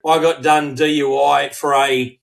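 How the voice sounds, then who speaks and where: A middle-aged Australian man co-hosting a podcast, telling a story in casual chat, swearing freely and acting out quotes in animated bursts. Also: medium pitch, measured pace, gravelly, rough recording. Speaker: podcast co-host.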